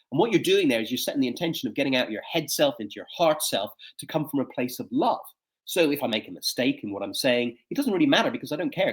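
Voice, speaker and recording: A man's voice: medium pitch, slightly rough. A man in his fifties, a coach and speaker, telling personal stories in an interview with frequent fillers and restarts. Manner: animated storyteller with frequent fillers. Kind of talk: conversational interview storytelling.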